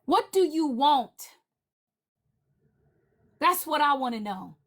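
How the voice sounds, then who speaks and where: A woman speaking on a livestream panel in a heated, indignant rant, repeating her demands forcefully. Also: high voice, big pitch swings, slow.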